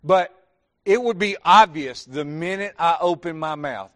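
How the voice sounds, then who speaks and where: High-voiced Southern preacher. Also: male voice, measured pace, fairly bright tone. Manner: folksy, addresses congregation with questions and "y'all". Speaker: pastor. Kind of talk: sermon.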